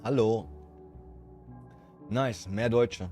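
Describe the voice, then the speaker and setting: A German man with a German accent and a low voice chats on a livestream in a rambling, frank and profane way. Soft music plays quietly in the background. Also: extremely slow. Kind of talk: casual livestream chat with viewers.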